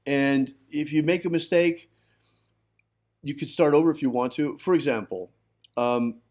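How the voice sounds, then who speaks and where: A man's voice: a little high, a little slow, darkish tone. A man hosting a livestream and giving firm, instructive teaching on ritual practice. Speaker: host, magick teacher.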